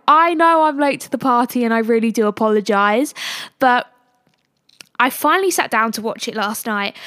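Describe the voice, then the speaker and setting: A woman's voice: fairly high pitch, a bit bright, clear, resonant tone, dry recording. A young woman hosting her own podcast, talking alone in a rambling, gushing and emotional way from a studio. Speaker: podcast host. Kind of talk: casual solo podcast chat.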